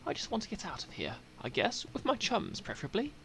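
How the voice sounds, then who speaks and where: A man's voice: high voice, wildly swooping pitch, a little fast, creaky, a bit bright, slight background noise, voice pushed up, full character voice. A man voicing a shy, childlike small creature who talks hesitantly. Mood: meek.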